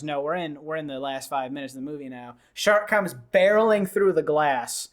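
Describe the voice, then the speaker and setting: A man on a podcast, excitedly retelling a film scene by scene, with lots of fillers and restarts. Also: a little high, moderate pace. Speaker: podcast host. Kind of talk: casual podcast chat.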